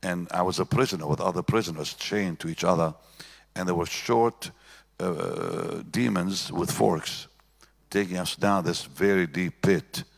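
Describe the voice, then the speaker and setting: Older man, pastor, low gravelly voice, retelling with repeats, long hall reverb. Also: steady tone, a little slow. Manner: storytelling with repeated phrases and restarts. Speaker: pastor, guest answering questions. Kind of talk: personal testimony in conversation.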